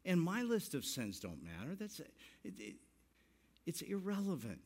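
A pastor in his sixties telling a self-mocking story in a sermon, animated and laughing through his lines. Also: on the high side, measured pace, breathy edge. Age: 60s.

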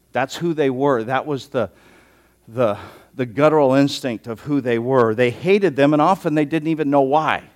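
A man preaching an expository sermon as a pastor, conversational and given to joking asides. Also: mid-range voice.

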